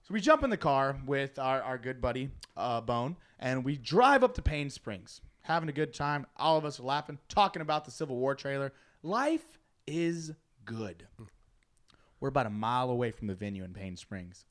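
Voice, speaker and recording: A man telling a long story in casual chat, animated, laughing often and acting out his friends' lines. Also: mid-range voice, normal speed.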